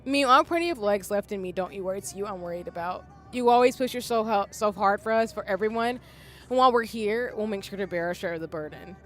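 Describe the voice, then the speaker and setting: A woman reading out a weary, earnest game companion's lines in a quiet, subdued way. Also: mid-range voice, fast talker, faint music behind, pitched below the performer's own voice, natural voice. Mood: solemn.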